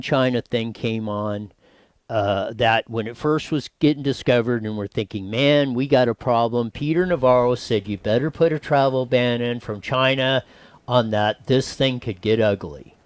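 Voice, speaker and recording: A man's voice: medium pitch, normal speed, dry recording. A man hosting a talk radio show, giving opinionated commentary in a rambling way with many restarts and acted-out quotes. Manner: animated, wandering, with frequent restarts and acted-out quotes.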